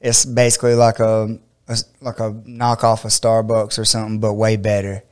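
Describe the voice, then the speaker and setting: A man's voice: normal speed, clear, resonant tone. A middle-aged man from Georgia, hosting a casual chat and telling a funny story with laughter. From Georgia, USA. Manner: animated, laughing, acts out quotes in a high voice. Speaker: podcast host and fight coach.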